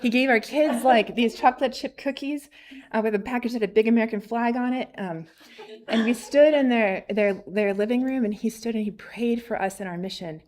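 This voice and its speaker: A woman in her thirties, a missionary telling a personal story at a ladies' ministry, animated and acting out quoted voices, with frequent fillers. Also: a little high, fairly quick. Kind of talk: casual storytelling testimony.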